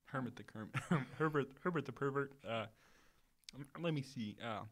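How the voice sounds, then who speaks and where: A man co-hosting a casual podcast chat, talking loudly and rambling with many restarts. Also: mid-range voice, normal speed. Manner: loud, rambling, restarts a lot. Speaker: podcast co-host.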